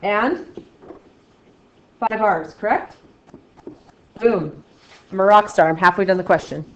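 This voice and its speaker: Excitable woman teaching a math class. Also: medium pitch, slow pace, highs cut off. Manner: loud, excitable, self-mocking. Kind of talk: classroom lesson.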